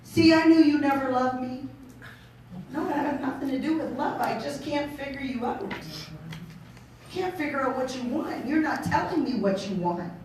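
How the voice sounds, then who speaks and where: Lady pastor preaching, high voice, playful, acts stuff out, big echoey church sound from far off. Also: slight background noise. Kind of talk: sermon. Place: church hall. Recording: echoey hall, mic far off.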